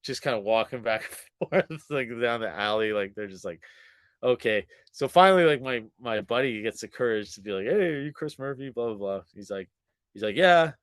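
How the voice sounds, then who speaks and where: A man's voice: mid-range voice, animated, normal speed, clear, resonant tone, no room sound. A man in his forties, a podcast guest telling a story in casual chat, swearing freely, laughing often and acting out what people said. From Canada. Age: 40s.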